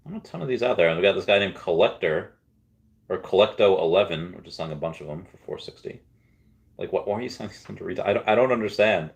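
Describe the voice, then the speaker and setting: Brief: deep-voiced male streamer, loose rambling chat, reads comments out to viewers. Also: animated, quick pace, gravelly. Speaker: livestream host. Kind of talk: casual livestream chat.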